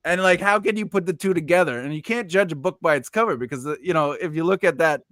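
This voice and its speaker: A man's voice: a little high, fast, fairly bright tone, no echo. A man hosting a live stream, chatting casually, rambling with many fillers and frequent laughter. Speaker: host.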